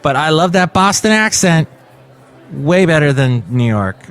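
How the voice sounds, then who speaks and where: A man's voice: fairly high pitch, expressive, unhurried, a bit bright, clean tone. A man from California hosting his own podcast, talking casually and rambling through asides and plugs. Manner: chatty, rambling, promotional asides. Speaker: podcast host. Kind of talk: casual solo podcast chat.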